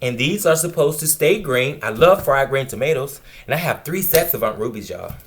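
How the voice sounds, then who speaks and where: A man's voice: medium pitch, animated, normal speed, a little hiss or hum. A man hosting a casual gardening vlog indoors at a table of seedlings, talking to viewers in an enthusiastic, chatty way. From Virginia, USA. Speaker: gardening channel host. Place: indoors at a table of seedlings under grow lights.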